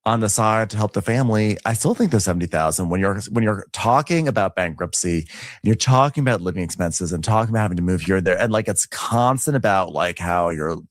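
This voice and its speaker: A man co-hosting a casual recap podcast, gossipy and animated, laughing often. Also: on the low side, fast talker, no echo. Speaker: podcast co-host.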